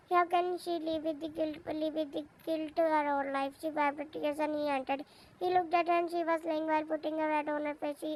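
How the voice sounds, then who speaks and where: High-voiced woman reading a story haltingly. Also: a little mellow, slight background noise, rough recording. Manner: halting reading with restarts and self-corrections. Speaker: fan fiction reader. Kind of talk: reading a romance story aloud.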